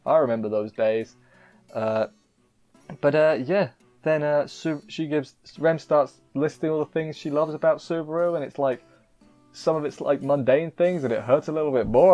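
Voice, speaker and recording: A man's voice: on the high side, normal speed, mellow, muffled recording, soft background music. A man reviewing an anime episode in casual chat, rambling and emotional, often cutting himself off mid-sentence. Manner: emotional, rambling, self-interrupting.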